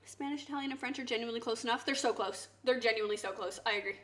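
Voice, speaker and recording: A woman streamer chatting casually to her viewers, swinging into loud mock outrage and swearing. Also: fairly high pitch, very fast. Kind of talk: casual live-stream chat. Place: home kitchen.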